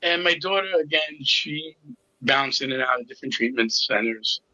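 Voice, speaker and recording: A man's voice: medium pitch, moderate pace, sharp tone, dry recording, muffled recording. A middle-aged man telling his personal story as an interview guest, candid and with a sarcastic sense of humor. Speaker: interview guest, recovery coach.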